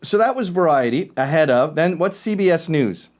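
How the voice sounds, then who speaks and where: Animated sarcastic male talk-show host. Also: on the high side, moderate pace. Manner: animated, sarcastic, jumping between loud and muttered. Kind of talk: opinionated talk-show rant.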